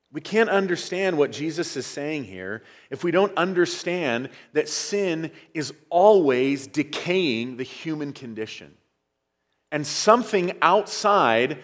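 A middle-aged man preaching a sermon as pastor, earnest, rising on emphatic points and dropping low at the ends of phrases. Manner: earnest preaching with emphatic rises and hushed endings.

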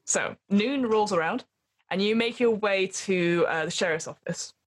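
A woman's voice: medium pitch, a little slow. Rambling woman game master. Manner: rambling with many fillers. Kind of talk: narrating a tabletop horror game.

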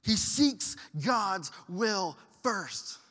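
High-voiced man preaching in a hall. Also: lively intonation, extremely slow. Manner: acts out quoted voices with big swings between loud and hushed. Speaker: pastor. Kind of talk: sermon. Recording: hall reverb.

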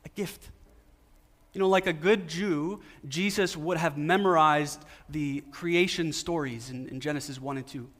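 A man's voice: on the high side, steady tone, moderate pace, hardly any pauses, a bit bright. Man preaching in a reverberant hall. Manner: asks the audience questions, repeats key phrases for emphasis. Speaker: pastor. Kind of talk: sermon.

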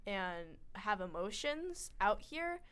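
A woman's voice: mid-range voice, very animated, slow pace, fairly bright tone, smooth. A teenage girl co-hosting a casual radio chat, rambling and giggly with lots of fillers. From United States. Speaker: co-host.

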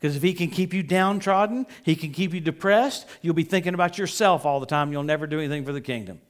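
Middle-aged male preacher, somewhat high voice, jokey and animated, drops to near-whispers then booms back. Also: fast talker. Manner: animated, jokey, swings from loud to hushed. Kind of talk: sermon.

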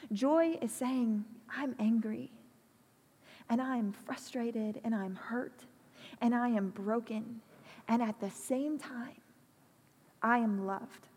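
A woman preaching a sermon in a church, earnest and pastoral, speaking slowly and deliberately. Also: a little high, darkish tone, husky. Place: church hall. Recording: long hall reverb.

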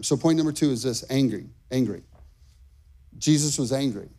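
A middle-aged male pastor delivering an impassioned sermon, building to emphatic shouts. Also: medium pitch, lively intonation, moderate pace.

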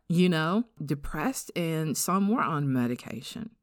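A middle-aged woman with an African-American English accent hosting a podcast, giving an earnest, reflective personal testimony and slowing down to stress key words. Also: deep voice, clear, resonant tone, dry recording, studio quality. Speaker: podcast host.

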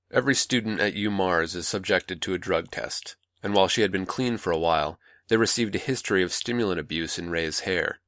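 A man narrating an audiobook in an even, steady storytelling manner, recorded close and dry. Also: low-pitched, brisk, gravelly, no room sound. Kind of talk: scripted narration.

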